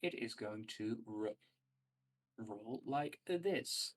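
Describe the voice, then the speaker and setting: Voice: mid-range voice, expressive, extremely slow. A game master narrating a tabletop game, hesitant with frequent fillers.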